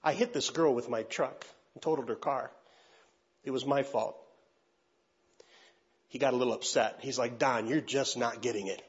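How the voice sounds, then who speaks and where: A pastor, an older man, preaches while telling a lively personal tale, imitating the voices of the people involved. His mid-range voice has a breathy edge and normal speed with long pauses, and the sound is lo-fi.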